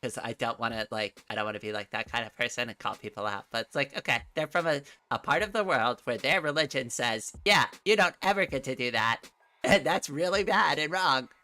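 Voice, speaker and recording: A woman's voice: a bass voice, animated, a little fast, pushed and bright. A middle-aged woman from New England chatting casually on a livestream from her room, rambling and laughing often. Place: home room.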